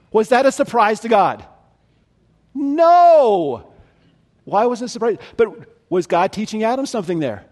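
A man with a high voice delivers a Bible teaching sermon. He talks conversationally, often posing questions to his listeners. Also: very animated, measured pace, pauses often, a little mellow. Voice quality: conversational, asks the audience questions. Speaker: preacher.

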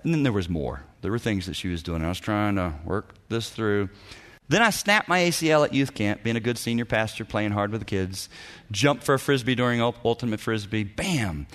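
Animated storytelling pastor, man. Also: fairly low pitch, brisk. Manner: animated storyteller, acts out dialogue, chuckles often. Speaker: senior pastor. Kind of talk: teaching talk to church leaders.

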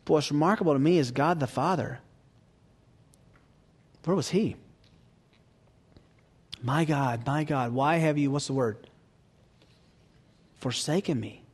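A man preaching a sermon, swinging from hushed near-whispers to loud emphatic peaks and asking the audience rhetorical questions. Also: a little high, a little slow, pauses often, husky.

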